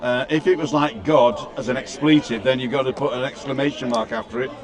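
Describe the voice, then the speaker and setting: A man's voice: mid-range voice, fairly even intonation, fairly quick. A man from Britain hosting a casual livestream outdoors, reading out and greeting viewers by name with wry asides. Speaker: livestream host. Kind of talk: casual live chat, reading out viewer comments. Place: outdoors on a street. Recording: busy outdoor crowd noise.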